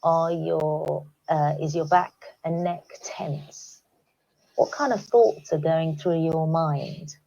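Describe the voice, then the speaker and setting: A woman speaking calmly to teachers, guiding them through reflective questions in a recorded online talk. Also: sits low, slow pace, vocal fry, lo-fi sound. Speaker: education speaker. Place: home, recorded remotely.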